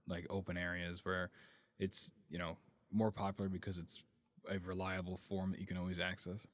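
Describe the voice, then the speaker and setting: A man's voice: deep voice, monotone, normal speed, no echo, studio quality. A man co-hosting a casual podcast chat, a radio producer who drops wry jokey asides.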